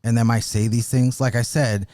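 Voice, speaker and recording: A man's voice: medium pitch, flat delivery, normal speed, mellow, no room sound. A man co-hosting a podcast, earnestly giving marriage advice in casual chat and often restarting his phrases. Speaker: podcast co-host.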